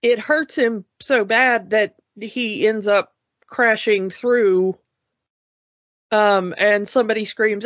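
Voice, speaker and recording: A woman's voice: medium pitch, fairly even intonation, takes it slowly, fairly bright tone, dry recording, dull audio. A woman co-hosting a casual talk show about cartoons, chatty and enthusiastic, often restarting her sentences. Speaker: podcast co-host. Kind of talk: casual cartoon review chat.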